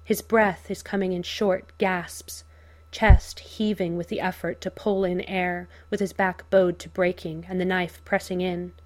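A woman reads a story aloud in an unhurried, measured way. Her voice sits a little low, and she lets every line land slowly. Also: darkish tone. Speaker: narrator. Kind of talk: audiobook reading of fan fiction.

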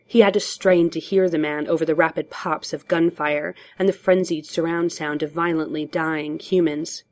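A woman narrating a story in a steady, measured audiobook reading. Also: deep voice.

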